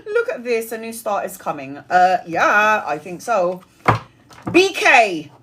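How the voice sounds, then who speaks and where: A woman in her forties doing a live-stream tarot reading, chatty and blunt, swearing casually and rattling off card meanings in quick lists. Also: mid-range voice, big pitch swings, background noise. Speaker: tarot reader.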